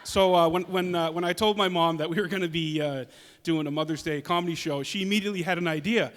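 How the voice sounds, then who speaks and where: A man's voice: on the high side, fast, a bit bright. A man in his thirties doing a chatty, self-deprecating stand-up set on a small arts venue stage. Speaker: comedian. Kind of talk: stand-up comedy duo set. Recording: long hall reverb.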